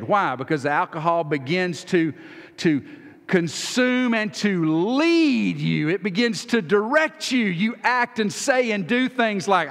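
A man preaching a sermon as pastor, folksy, acting out quoted voices and swinging from loud to soft. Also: high voice, lively intonation, measured pace. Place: church sanctuary. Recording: long hall reverb.

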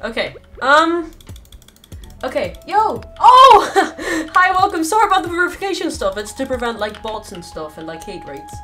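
A woman's voice: sits high, normal speed. A young woman streaming live, chatting casually with her viewers, giggling and exclaiming a lot. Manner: giggly, bursts into laughter often; excitable, frequent exclamations. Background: faint background music.

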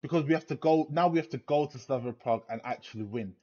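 A young football fan vlogger goes on an angry, swear-filled post-match rant, repeating himself in disbelief. His medium-pitched voice is quick and mellow with a breathy edge, and the sound is lo-fi.

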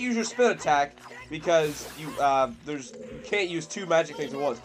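A young man giving casual commentary while playing a video game. He jokes, rambles with fillers, and breaks into loud yelps and screams at scares. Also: fairly high pitch, lively intonation, normal speed, heavy background noise. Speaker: let's play commentator. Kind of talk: gameplay commentary.

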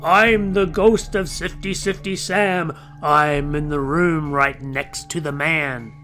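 A man voicing a loud, greedy male ghost with a booming, bellowing voice in a storybook read-aloud. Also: expressive, unhurried, faint music behind. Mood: roaring.

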